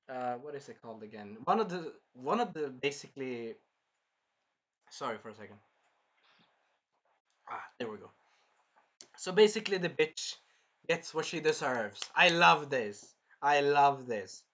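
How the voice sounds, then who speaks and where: A reviewer excitedly recapping an anime episode, acting out the characters' shrieks and cries and often losing track mid-sentence. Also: mid-range voice, normal speed. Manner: animated, acts out shrieks and cries; rambling, loses track and restarts.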